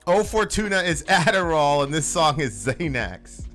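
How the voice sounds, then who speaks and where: A young man co-hosts a podcast in a loose, chatty way. His voice is bright and forceful, slightly high, with very lively swings in pitch, and soft music plays underneath. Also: normal speed. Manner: animated, bursts into loud impressions. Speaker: podcast co-host. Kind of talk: casual reaction chat.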